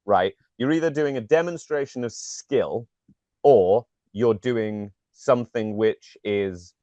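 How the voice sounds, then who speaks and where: A man, a guest talking quickly with lots of fillers. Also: mid-range voice, dry recording, dull audio. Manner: quick, filler-heavy, uses "like" and "you know what I mean". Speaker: guest, magician and actor. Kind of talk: casual conversation.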